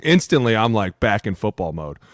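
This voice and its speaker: Profane, animated former lineman. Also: on the low side, brisk, no echo, clean studio sound. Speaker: podcast co-host, former NFL lineman. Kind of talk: casual chat.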